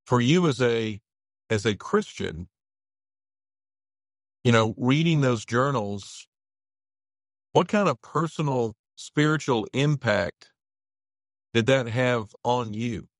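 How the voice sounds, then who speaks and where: A man's voice: mid-range voice, animated, slow pace, long pauses, dry recording. A man with a mid-range voice co-hosts the interview and asks long questions. He circles back and restarts phrases as he searches for words. The recording is dry and close. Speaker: co-host, pastor.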